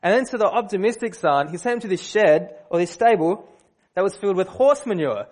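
A man's voice: sits high, lively intonation, fairly quick, a little mellow. Chatty man preaching a sermon. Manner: conversational storyteller, many fillers and restarts.

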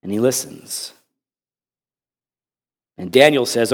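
A pastor delivering a sermon in a somewhat high-pitched male voice. He tells the story with drama, moving between loud emphasis and hushed, low passages. He often repeats a word when he wants it to land. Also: animated, a little slow.

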